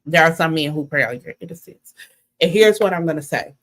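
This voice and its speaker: A woman with a low voice hosts a casual commentary show. She reads messages aloud and reacts with candid, animated remarks, laughing often between her points. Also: a little fast. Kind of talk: casual commentary on social media drama.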